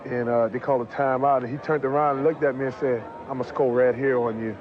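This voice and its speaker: A man loudly recalling a game he played in, telling it with emphasis. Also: mid-range voice, fairly even intonation, fast talker. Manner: loud, emphatic storytelling. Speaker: former opponent recalling a game. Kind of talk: interview anecdote. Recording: dull lo-fi audio.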